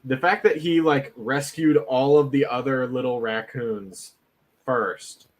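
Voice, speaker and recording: A man's voice: medium pitch, fairly even intonation, slow pace. A man co-hosting a casual podcast chat, earnest and talking through his points at length. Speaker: podcast co-host.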